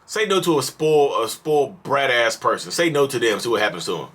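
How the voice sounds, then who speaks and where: A man hosts a mental health vlog, offering casual, preachy advice straight to the camera. He's animated and repeats himself for emphasis, slipping into acted voices, and his mid-range voice moves a little fast.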